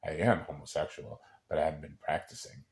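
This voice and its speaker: A man with an extremely deep, low voice talks in a loose personal monologue. He wanders from point to point, swears often and breaks off to restart his sentences. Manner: rambling and profane, with many halting restarts.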